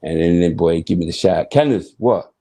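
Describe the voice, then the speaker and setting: Low-pitched and dark, this man's voice is delivered completely flat and a little fast. He is a former footballer telling stories as an interview guest in animated conversation, using emphasis and slang and voicing his own thoughts aloud.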